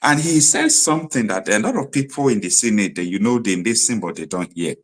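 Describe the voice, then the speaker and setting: Animated Nigerian stream host, low voice. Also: male voice, a little fast. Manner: animated, rising to emphatic outbursts. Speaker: online show host. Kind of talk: live stream commentary.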